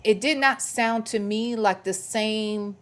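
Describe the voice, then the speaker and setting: A woman's voice: on the high side, slow pace, fairly bright tone. A woman hosting a casual livestream commentary, sassy and emphatic, with slangy talk and playful repetition. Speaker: show host.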